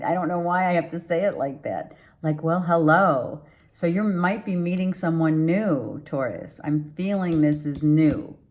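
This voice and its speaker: A woman's voice: low voice, warm tone. A woman giving a casual, rambling tarot reading to her viewers. She repeats herself and keeps an upbeat, encouraging tone. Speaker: tarot reader.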